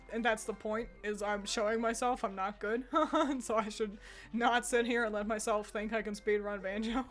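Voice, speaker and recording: A woman's voice: on the high side, a bit bright. A young woman streaming at home who chats playfully with her cat while gaming, cursing freely into a desk microphone. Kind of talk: casual gaming commentary.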